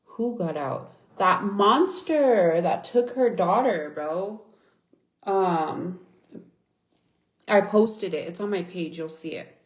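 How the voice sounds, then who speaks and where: A woman's voice: mid-range voice, animated, takes it slowly, roomy sound. A young woman venting angrily and swearing in a casual livestream chat, reading and answering viewers. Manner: angry, venting, swears often. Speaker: livestream host.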